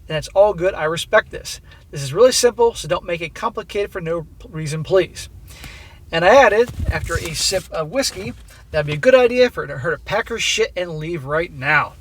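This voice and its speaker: A man's voice: sits high, a bit bright. A man hosting a commentary channel, reading a story aloud and breaking off to comment on it in a casual way.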